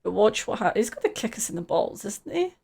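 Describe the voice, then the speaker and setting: A woman's voice: mid-range voice, very animated, brisk, gravelly, darkish tone, slightly rough. A woman casually reading game text aloud and chatting through a live gameplay stream, swearing freely.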